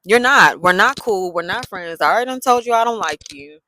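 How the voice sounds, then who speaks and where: Sassy, bright-voiced woman telling a story. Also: medium pitch, fairly quick, no room sound, low-quality recording. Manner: animated, sassy, loose colloquial talk. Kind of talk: casual storytime vlog.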